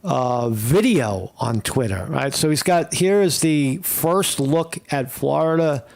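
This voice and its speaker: A man's voice: on the high side, lively intonation, slow, gravelly. A man hosting a casual political commentary stream, rambling and blunt with frequent swearing. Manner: blunt, profane, rambling opinions. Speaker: host.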